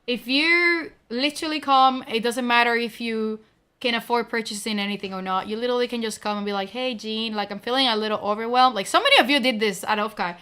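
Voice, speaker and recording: Young woman streamer, teary, gushing, bright voice, highish pitch, casual chat. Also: fast, clean tone. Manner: tearful, gushing, many fillers. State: teary, on the verge of crying. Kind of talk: emotional casual chat to viewers.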